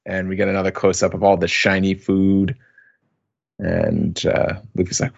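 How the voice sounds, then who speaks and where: A man co-hosting a podcast, recapping a comic chapter in casual chat, halting with many fillers and jumping up in pitch to quote characters. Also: fairly even intonation, gravelly, muffled recording.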